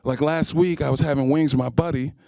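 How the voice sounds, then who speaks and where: A young man doing a stand-up comedy set, animated and acting out scenes. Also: a little high, a little fast, vocal fry, no room sound. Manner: animated, acts out scenes in voices.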